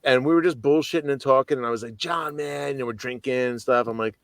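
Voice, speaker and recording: Male guest, lively storyteller, salty language, dry and close. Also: medium pitch, fast, few pauses, no room sound. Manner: animated storyteller, swears casually. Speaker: guest musician. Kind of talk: casual storytelling chat.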